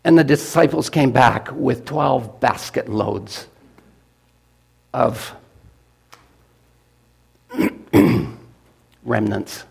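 A man preaching to his congregation, telling a story in a folksy, animated manner. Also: medium pitch, extremely slow, creaky, long pauses, breathy edge. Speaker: pastor. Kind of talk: storytelling sermon.

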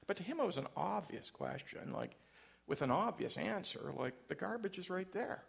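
A man's voice: high voice, big pitch swings, moderate pace, gravelly, a bit bright, slightly rough. A man preaching a sermon in church, conversational and self-deprecating, with light humor between points. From Canada.

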